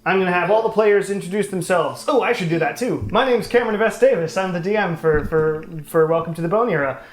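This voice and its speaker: A chatty game master opening a tabletop podcast session and laughing easily between remarks. The voice sits at a middle pitch and rings a little in a roomy space. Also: fast. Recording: roomy echo.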